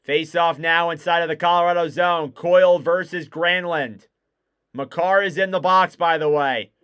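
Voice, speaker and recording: A man calling live hockey play-by-play on his stream, quick and excitable. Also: fairly high pitch, clear, resonant tone. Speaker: livestream commentator.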